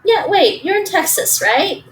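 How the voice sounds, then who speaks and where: A woman's voice: very high-pitched, big pitch swings, unhurried, distant mic, a little hiss or hum, rough recording. A woman, chatting casually and thinking aloud while she cooks at home and answers her stream chat. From Toronto, Canada. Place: home kitchen.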